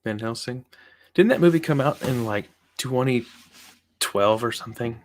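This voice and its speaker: A man guest on a casual podcast, talking with animated energy and quoting film lines. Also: mid-range voice, moderate pace. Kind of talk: casual chat.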